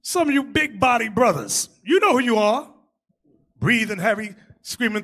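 A man preaching to a congregation in a high, bright voice that swings widely in pitch. He tells stories, jokes with the room and breaks into loud shouted asides. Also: moderate pace. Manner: animated, joking storytelling with shouted asides. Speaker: bishop preaching. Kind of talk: sermon.

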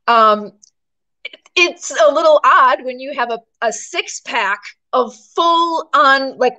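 A woman guest in an interview, telling a story in a chatty, animated way with plenty of fillers. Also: on the high side, dull audio. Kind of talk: storytelling in conversation.

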